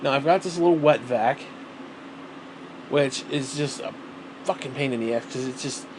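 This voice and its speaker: A man's voice: mid-range voice, moderate pace, background noise. A man talking casually to the camera at home, rambling and swearing freely. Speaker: vlogger.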